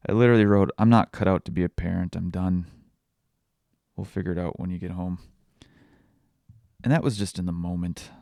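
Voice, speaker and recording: A man's voice: deep voice, vocal fry, mellow, dry recording. A young man hosting a podcast, telling candid, self-deprecating stories in a confessional, casual way. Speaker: podcast host. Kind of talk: casual personal podcast talk.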